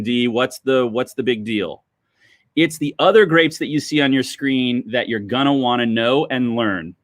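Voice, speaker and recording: A fairly high-voiced man leads a livestreamed wine lesson as a sommelier host. He is chatty and keeps checking in with his viewers. The sound is dry and close, with no room echo. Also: a bit bright. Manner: chatty, addresses viewers as guys, checks with okay.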